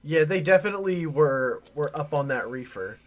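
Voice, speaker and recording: A man co-hosting a relaxed podcast chat who slips in deadpan jokes and quick reactions. His voice sits a touch higher than most men's. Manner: dry, quick wisecracks and short interjections. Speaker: podcast co-host. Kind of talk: casual chat.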